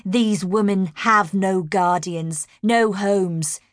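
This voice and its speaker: A woman's voice: mid-range voice, takes it slowly, dry recording, clean studio sound, natural voice. A woman narrator voicing a bearded male slave master who speaks gutturally, resentful and curt. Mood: defiant.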